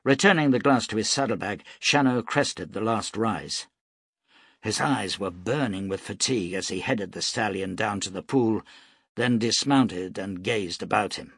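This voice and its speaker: A man reading an action novel aloud as an audiobook narrator, steady and dramatic. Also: fairly low pitch, measured pace, slightly rough, dry recording, studio quality. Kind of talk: scripted narration.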